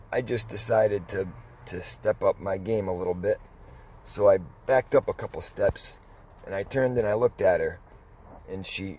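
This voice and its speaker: Low-voiced middle-aged man telling a story. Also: mellow, a little hiss or hum. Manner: rambling, conversational, with pauses and restarts. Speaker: dog vlogger. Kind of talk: casual storytelling.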